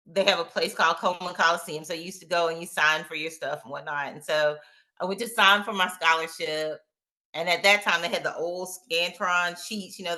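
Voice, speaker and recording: A middle-aged woman telling her story as an interview guest, animated and acting out the voices she quotes. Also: lowish voice.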